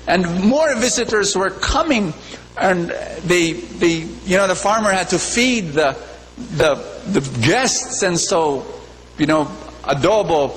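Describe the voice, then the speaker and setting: A man with a high-pitched, fairly bright voice preaches in a big church. He questions his listeners, repeats phrases, and recounts a fable, while long church reverb and a faint hum linger.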